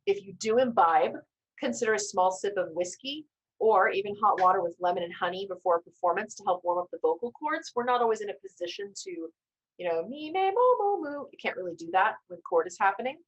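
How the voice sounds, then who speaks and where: A woman teaching a storytelling class on a video call, coaching with gentle reassurances and casual self-corrections. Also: mid-range voice, quick pace, lo-fi sound. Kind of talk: live online class, instructive and conversational.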